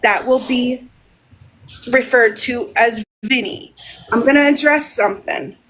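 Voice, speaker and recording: A woman's voice: on the high side, measured pace, fairly bright tone, slight background noise, poor audio. Rambling, emotional woman streaming live. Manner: rambling, emotional, repeats herself. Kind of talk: casual live stream monologue.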